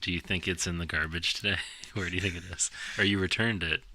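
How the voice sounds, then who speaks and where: A man co-hosts a casual podcast, mostly giving short replies and laughing along. His voice is very low yet very bright and sharp. Faint noise sits in the background. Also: steady tone, fast talker. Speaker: podcast co-host. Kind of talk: casual chat.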